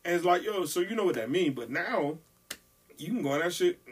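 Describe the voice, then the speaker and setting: A man talking fast and loose in a casual chat, his voice husky and set back from the mic. He is an animated storyteller who swears freely and throws himself into voicing the people in his stories. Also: high-pitched, recorded from a distance.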